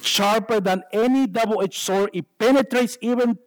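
A man's voice: sits high, normal speed, no echo, low-quality recording. A man with a non-native English accent preaching a sermon in church, joking about himself and restarting his sentences often. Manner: self-deprecating, jokey asides, stammering restarts.

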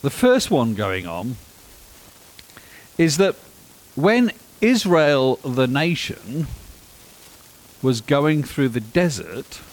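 A man delivering a sermon, animated and emphatic, with dry self-deprecating humor. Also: mid-range voice, drawn-out words, long pauses, low-quality recording. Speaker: preacher.

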